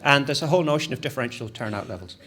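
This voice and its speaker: A man giving a conference presentation as an academic, lively and self-deprecating, with frequent restarts. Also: medium pitch, racing, background noise.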